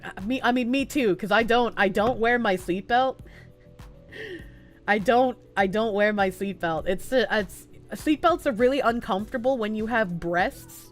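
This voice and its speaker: A young woman streamer with a stuffy nose, chatting casually and softly with her chat, giggling and swearing freely. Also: mid-range voice, measured pace, soft background music. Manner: soft-spoken, not loud, giggly, swears casually. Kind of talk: casual live-stream chat, reading chat messages aloud.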